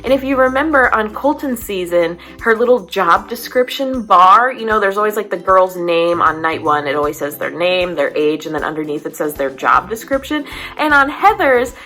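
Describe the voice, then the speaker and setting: A woman chatting casually, retelling a show in an animated, exasperated way with plenty of filler words. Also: mid-range voice, normal speed. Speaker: recap vlogger. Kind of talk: casual chat.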